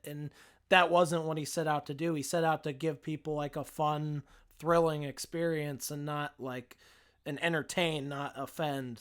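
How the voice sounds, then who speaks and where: A man's voice: a little high, fairly bright tone. A man co-hosting a podcast, chatting casually about horror films with frequent restarts and fillers. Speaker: podcast co-host. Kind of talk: casual film discussion.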